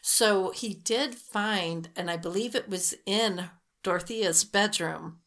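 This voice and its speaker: A woman's voice: mid-range voice, slow pace, a bit bright. A woman co-hosting a podcast, telling a true-crime story casually, full of "like" and "um" and acting out quotes. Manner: chatty, full of "like" and "um", acts out quotes. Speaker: podcast co-host.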